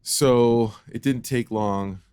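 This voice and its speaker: A man co-hosting a podcast, telling a childhood story in an animated, casual way and acting out the voices. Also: mid-range voice, slow pace, smooth, no echo. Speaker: podcast co-host.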